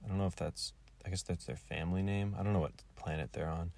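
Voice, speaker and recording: A man's voice: deep voice, fairly even intonation, quick pace, gravelly, darkish tone. A man casually recapping and reviewing an episode, rambling with lots of filler words. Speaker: video reviewer.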